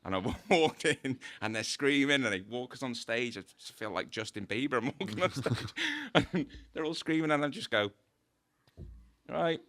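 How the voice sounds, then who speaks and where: A man's voice: medium pitch, moderate pace, dry recording. A middle-aged man, a podcast guest telling casual anecdotes, acting out the dialogue and laughing often. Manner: lively storyteller, acts out dialogue, laughs often. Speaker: guest, tattoo artist.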